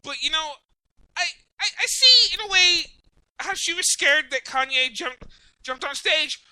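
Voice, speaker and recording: Podcast host, high bright voice, rambling rants, dry close mic. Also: lively intonation, a little slow, dry recording, low-quality recording. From Mexican heritage. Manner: ranting, rambling, keeps apologizing and restarting. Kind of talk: casual profane chat.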